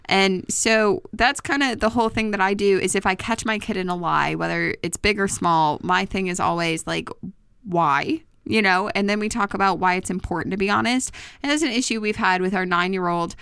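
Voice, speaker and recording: A woman in her thirties, co-hosting a casual parenting chat, chatty and quick to laugh. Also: medium pitch, vocal fry, a bit bright, clean tone, no echo, studio quality. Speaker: podcast co-host.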